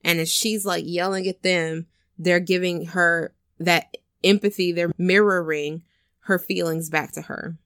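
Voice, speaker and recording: A woman on the low side, with a bit bright, clear, resonant voice and fairly even intonation, recaps a film at an unhurried pace. Recorded in a clean studio with no room sound, she chats loosely, dropping filler words and many "like"s as she acts out scenes.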